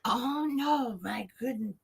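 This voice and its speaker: A woman co-hosting a stream, telling crude stories with loud laughs and swearing. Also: a little high, takes it slowly, creaky, husky. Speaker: stream co-host. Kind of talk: crass casual chat.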